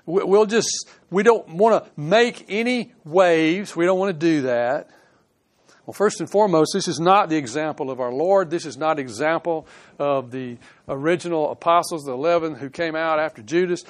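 A man preaching a sermon, reading scripture aloud and explaining it, swinging between emphatic rises and quiet conversational asides. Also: a little high. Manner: earnest, reads scripture aloud with plain commentary. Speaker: pastor.

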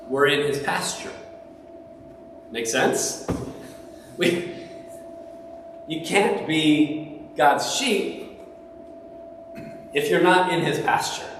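A man's voice: fairly high pitch, takes it slowly, long pauses, a bit bright, slight background noise. A man preaching a sermon as pastor, speaking conversationally and asking the congregation questions. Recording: echoey hall, voice from far off.

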